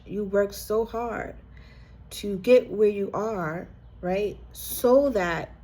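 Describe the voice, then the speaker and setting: Woman reader, husky and unhurried, earnest tone aimed straight at the viewer. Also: mid-range voice, warm tone. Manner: earnest, heartfelt, speaks directly to "you"; emotional, near tears at times. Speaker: intuitive card reader. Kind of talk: collective reading addressed to the viewer.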